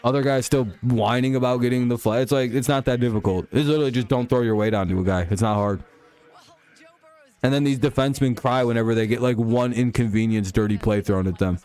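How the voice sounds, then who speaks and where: A man's voice: mid-range voice, fast, a little mellow, smooth. A young man streaming a football watch-along, ranting with profanity and mocking players between casual chat with his viewers.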